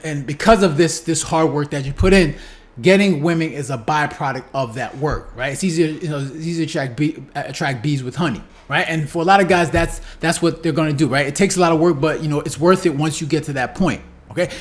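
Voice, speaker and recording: A man giving casual reaction commentary on a clip, stumbling over repeated words and tagging "right?" onto his points. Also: on the high side. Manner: repeats words, restarts, keeps asking "right?".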